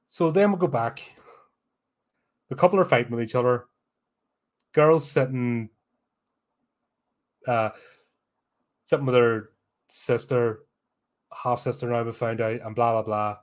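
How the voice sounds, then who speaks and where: A man's voice: medium pitch, unhurried, long pauses. A man with a Belfast accent, hosting a podcast, giving a blunt, sarcastic, sweary film review rant. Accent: Northern Irish, Belfast.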